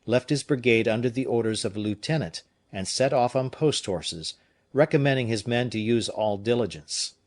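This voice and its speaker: Male audiobook narrator, steady and measured, classic-novel reading. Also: lowish voice. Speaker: audiobook reader.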